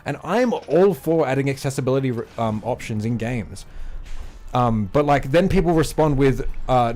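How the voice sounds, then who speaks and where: A man's voice: medium pitch, expressive, moderate pace, a little mellow. A male game streamer talking casually while he plays, rambling and opinionated, with lots of fillers and some swearing. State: out of breath. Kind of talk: casual gaming livestream chat.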